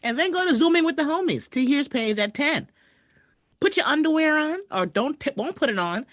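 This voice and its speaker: A chatty woman comedian hosts her live stream and talks straight to her viewers. Her pitch leaps around as she talks, and the sound is dry and close on a webcam. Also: animated, fairly quick, no echo. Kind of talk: casual live-stream chat. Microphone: webcam video call.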